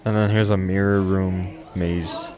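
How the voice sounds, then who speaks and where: A man's voice: sits low, level tone, unhurried, a crowd in the background. A young man hosting a streamer podcast, chatting casually and rambling with lots of fillers and restarts. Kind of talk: casual chat.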